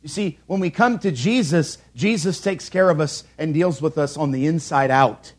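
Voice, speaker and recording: A man's voice: fairly high pitch, moderate pace. A man preaching a sermon from a church pulpit, emphatic, with repeated calls and rhetorical questions. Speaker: pastor.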